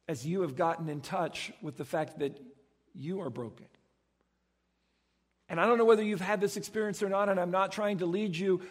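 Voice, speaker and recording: A man preaching a sermon as a pastor, telling stories in an animated way and acting out the voices of the people in them. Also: high voice, husky, big-room sound. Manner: animated storytelling, acts out voices.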